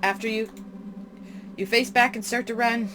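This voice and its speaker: A woman's voice: a little high, steady tone, moderate pace, background noise. A woman playing a horror game, reading its text aloud and breaking off for startled, chatty asides. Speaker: game streamer.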